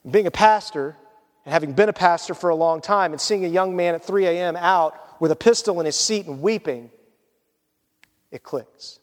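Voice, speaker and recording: Man preaching, high voice, casual storytelling sermon, long hall reverb. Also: moderate pace. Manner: conversational and storytelling, drops to hushed tones for emotional moments. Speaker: pastor.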